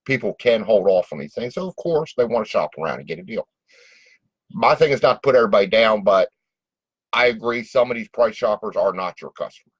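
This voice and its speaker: A man's voice: fairly low pitch, animated, fairly quick, slightly rough, no room sound, rough recording. A man giving casual, direct business advice and acting out customer phone calls in a folksy way. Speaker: small business coach.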